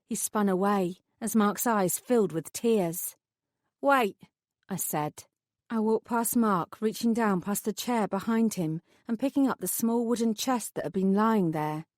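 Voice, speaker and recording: A woman reads a first-person novel aloud in scripted narration with lively storytelling. Her voice sits at a middle pitch, recorded close and dry. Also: measured pace, dry recording. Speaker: audiobook narrator.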